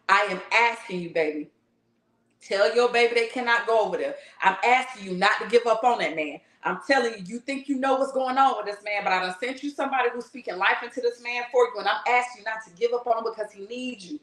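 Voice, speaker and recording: A woman with a high voice delivers a fervent spiritual workshop talk. She speaks in blunt, slangy street talk and swears freely. The recording has a roomy echo. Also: quick pace, fairly bright tone. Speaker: spiritual teacher.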